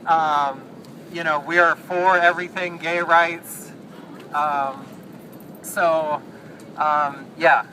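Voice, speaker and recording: A man speaking at an outdoor rally, halting, with many fillers and restarts. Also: on the high side, steady tone, sharp tone, a little hiss or hum, rough recording.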